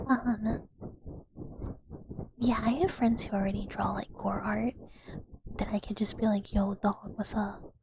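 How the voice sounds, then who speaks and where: A woman streamer chatting in a soft ASMR whisper, rambling and giggling with many fillers. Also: a little high, a little hiss or hum, rough recording.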